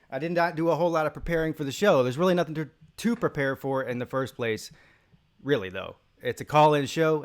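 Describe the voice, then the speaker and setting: A tired man hosting a live call-in sports show, talking casually and rambling as he reads out chat names. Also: medium pitch. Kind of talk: casual live-stream talk.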